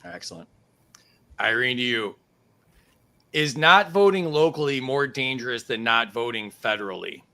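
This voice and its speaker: A man's voice: mid-range voice, lively intonation, moderate pace, long pauses, bright, forceful tone. A man hosting a casual live-streamed game show over a video call, laughing easily between questions.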